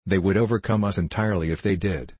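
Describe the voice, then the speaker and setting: Deep husky male narrator. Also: fast talker, a little mellow, no room sound. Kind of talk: audiobook reading of a classic novel.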